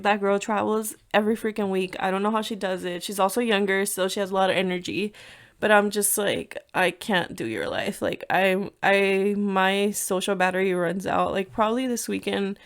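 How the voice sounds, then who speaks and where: A woman's voice: medium pitch, vocal fry. A woman in her thirties from the United States, hosting a casual solo podcast and telling stories in a chatty way, full of "like" and slipping into Spanish. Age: 30s. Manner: chatty, lots of "like", drops into Spanish. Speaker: podcast host.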